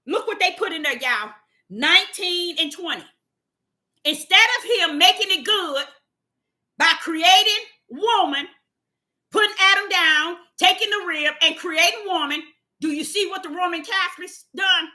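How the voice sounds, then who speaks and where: A woman preaching with fervour, repeating phrases and swinging from low murmurs to shouts, laughs and cries. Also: expressive, normal speed. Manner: fervent, repeats phrases for emphasis. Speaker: preacher teaching scripture to an online audience. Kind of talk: fiery preaching.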